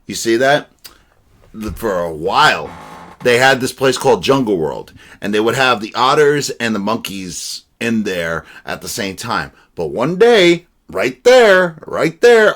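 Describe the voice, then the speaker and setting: A man giving casual reaction commentary in a rambling, animated, profane way. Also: medium pitch. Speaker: video reaction host.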